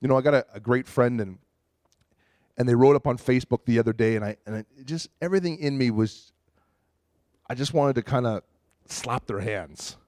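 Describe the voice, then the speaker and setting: A man preaching a sermon in a plain, conversational way. He is earnest and slips into acted-out quotes and short prayers. His voice sits at an ordinary pitch in a dry, close recording. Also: normal speed, long pauses, a little mellow, no echo. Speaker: pastor.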